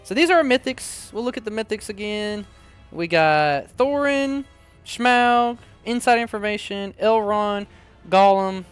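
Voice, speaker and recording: A man hosting a casual card-opening video, chatting excitably and reading card text aloud. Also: sits high, unhurried, clear, resonant tone, faint music behind. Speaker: card-opening channel host. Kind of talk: casual unboxing chat.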